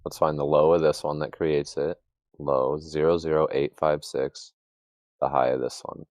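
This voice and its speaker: A man's voice: a bass voice, little pitch movement, normal speed, a little mellow, dry recording. A man talking trading charts in a loose, rambling casual chat. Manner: rambling, loose, uses hunting analogies. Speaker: trader.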